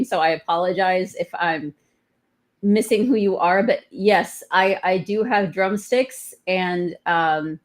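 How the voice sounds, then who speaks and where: A woman who drums at protests, chatting on a live stream in a wry, articulate way. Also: mid-range voice. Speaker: guest, protest drummer. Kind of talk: casual live-stream chat.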